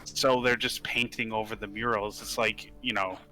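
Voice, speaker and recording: Bright-voiced man riffing jokes. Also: on the low side, steady tone, moderate pace, poor audio. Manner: rambling, jokey riffing. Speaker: tabletop game player. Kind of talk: casual tabletop game chat.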